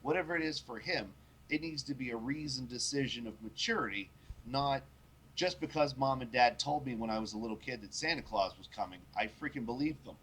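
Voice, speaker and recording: A man's voice: mid-range voice, brisk, a bit bright, a little hiss or hum. Blunt, profane man on a podcast. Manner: blunt, profane, acts out voices in his stories. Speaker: podcast host. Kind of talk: casual podcast chat.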